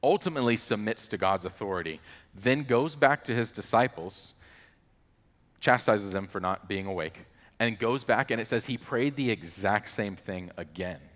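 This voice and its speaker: A man preaching a casual, conversational sermon, relaxed and chatty with storytelling asides. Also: lowish voice, moderate pace. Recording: long hall reverb.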